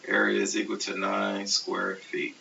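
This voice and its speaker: Distant gravelly man teaching a math lesson. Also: on the low side, a little slow. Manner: steady, methodical explaining, self-correcting. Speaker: math instructor. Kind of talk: recorded lecture over slides. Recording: distant, dull, hissy classroom recording.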